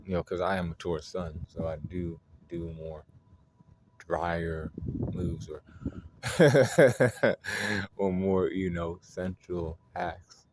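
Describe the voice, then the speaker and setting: A man's voice: deep voice, little pitch movement, slow pace, darkish tone, a little hiss or hum. A man hosting an astrology video, talking in a loose, rambling way, full of fillers and swearing. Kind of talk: casual spoken monologue.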